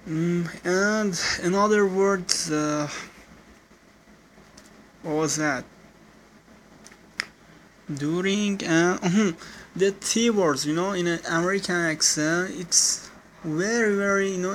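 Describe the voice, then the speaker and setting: Slow, halting man giving feedback. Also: fairly high pitch, a bit bright, slight background noise, poor audio. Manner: halting, frequent restarts and self-corrections with "no"; non-native English phrasing. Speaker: listener giving speaking feedback. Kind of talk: casual recorded voice feedback.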